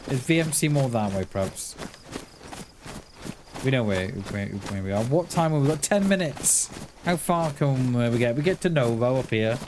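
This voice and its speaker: A man streaming a survival game, chatting casually and answering his viewers, calling them mate and dude. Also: medium pitch. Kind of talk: casual live-stream chat. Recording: clear game noise behind the voice.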